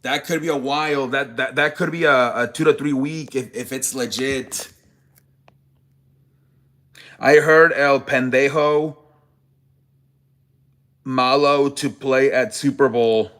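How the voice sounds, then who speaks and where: A man's voice: medium pitch, steady tone, takes it slowly, pauses often, fairly bright tone. A young man hosting a live sports show, chatting casually with viewers, rambling and swearing when worked up. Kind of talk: casual live-stream chat.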